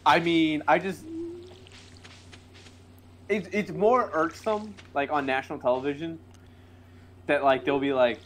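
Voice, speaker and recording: A man's voice: a little high, steady tone, measured pace, long pauses, a little hiss or hum. A man guesting on a let's-play stream, telling rambling stories in casual slang. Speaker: guest co-player.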